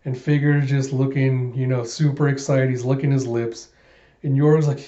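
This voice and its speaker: A man casually retelling a comic page by page in an animated way, laughing often. His voice is mellow, and it is recorded in a roomy space with slightly dull sound. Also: medium pitch, normal speed. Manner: animated, laughs often, says "you know". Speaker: comic readthrough host.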